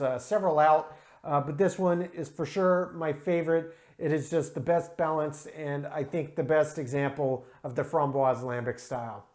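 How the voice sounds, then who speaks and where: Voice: medium pitch, darkish tone. A host reviewing craft beer in a casual talk to camera, enthusiastic and methodical, scoring each category aloud with frequent "uh" and "um" fillers.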